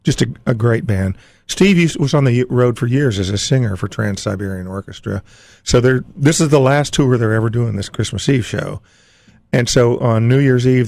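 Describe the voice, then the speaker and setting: Chatty gravelly man on radio. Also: on the low side, a little mellow, no room sound. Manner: chatty, quick asides, laughs at himself. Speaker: entertainment columnist guest. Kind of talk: casual radio chat, weekend picks.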